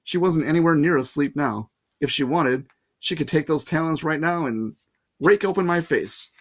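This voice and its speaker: A man reading a novel aloud in a casual way, pausing to add his own comments. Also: on the high side. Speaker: reader. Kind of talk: audiobook reading with asides.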